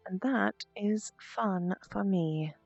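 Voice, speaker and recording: A woman streamer chatting casually with her viewers, stuttering and muttering, with soft asides dropped under her breath. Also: mid-range voice, slow, vocal fry, slightly rough, no echo. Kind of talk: casual chat with stream viewers during VR role-play. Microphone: VR headset mic. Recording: dull lo-fi stream audio, faint music.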